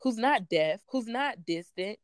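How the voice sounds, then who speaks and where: A woman's voice: a little high, lively intonation, a little slow, no room sound, studio quality. A woman hosting a faith podcast asks reflective questions and quotes scripture in an encouraging way. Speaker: podcast host. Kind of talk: faith-based podcast conversation.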